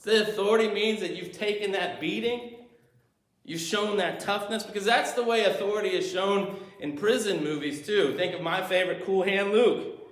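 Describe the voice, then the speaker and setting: Male pastor with a somewhat high voice, storytelling sermon, echoey sanctuary. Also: fairly bright tone. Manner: storytelling, acting out movie scenes. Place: church sanctuary. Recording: echoey church room.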